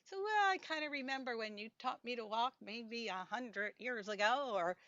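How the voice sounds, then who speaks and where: A woman's voice: on the high side, expressive, normal speed, pushed and bright, no echo, lo-fi sound. An older woman from Pennsylvania doing a stand-up comedy routine, telling chatty stories with playful punchlines.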